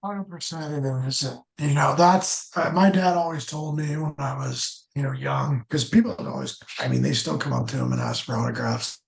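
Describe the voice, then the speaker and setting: A man's voice: medium pitch, fairly even intonation, normal speed, gravelly, hardly any pauses. A middle-aged former hockey player, a man, chatting easily as a podcast guest. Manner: easygoing, many fillers. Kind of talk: casual chat.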